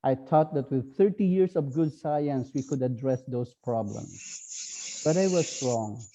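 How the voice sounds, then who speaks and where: A man with a Filipino accent, a priest giving an online talk, speaking slowly and haltingly with many fillers. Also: mid-range voice, dark tone, slight background noise. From Philippines. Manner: slow, halting, with frequent fillers.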